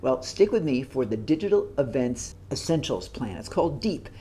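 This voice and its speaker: A man with a mellow, darker tone hosts and closes with an upbeat pitch to his viewers. His delivery is friendly and promotional, with faint background noise. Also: very animated, moderate pace. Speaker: host. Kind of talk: promotional outro.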